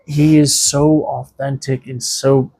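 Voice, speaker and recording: A man with a gravelly voice talks as a guest on a casual interview show. He rambles through stories, swears freely and keeps saying "you know." His voice sits in an ordinary middle pitch. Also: little pitch movement, takes it slowly, darkish tone. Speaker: tattoo shop owner, podcast guest.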